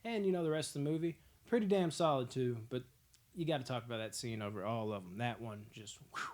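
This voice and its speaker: A young man hosting a movie podcast, ranking films in a casual, profane, excitable way. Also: medium pitch, quick pace. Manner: profane, excitable storytelling with frequent laughs.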